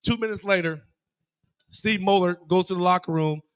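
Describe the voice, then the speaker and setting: A man's voice: sits high, normal speed, clear, resonant tone, no room sound. A man, a former college player and guest broadcaster, telling stories casually in a bar and acting out the voices of the people in them. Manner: animated, acts out quoted voices. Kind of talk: casual storytelling. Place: bar, live show.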